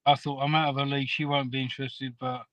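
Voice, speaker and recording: Soft-spoken man on a dry video call. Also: mid-range voice, flat delivery, quick pace, no echo. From England. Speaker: guest. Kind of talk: casual video call chat.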